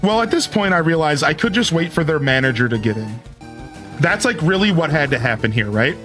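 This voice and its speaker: Man, streamer, storytelling to chat, acts out phone calls, fairly high voice, faint music underneath. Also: animated, a little fast, fairly bright tone. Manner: acts out both sides of phone calls with big pitch jumps.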